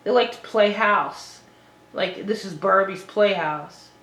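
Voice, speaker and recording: A woman's voice: medium pitch, slow pace, fairly bright tone, echoey room, poor audio. A woman vlogging in an agitated, rambling monologue, swearing often and restarting her sentences. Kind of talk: unscripted monologue to camera.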